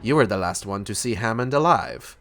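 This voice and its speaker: A man voicing a stern male police detective who speaks in a flat, uninflected way, in a livestreamed book reading. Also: fairly low pitch, a little fast, soft background music. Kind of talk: audiobook-style reading on a livestream.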